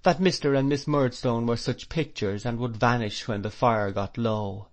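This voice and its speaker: A man narrating a classic novel as an audiobook reader, in a gentle, reflective manner. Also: medium pitch, normal speed.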